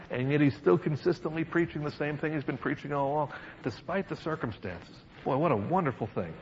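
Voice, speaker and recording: A man preaching verse by verse through a Bible passage, reading scripture aloud and then commenting with lively asides and chuckles. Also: mid-range voice. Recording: dull lo-fi sound with faint background noise.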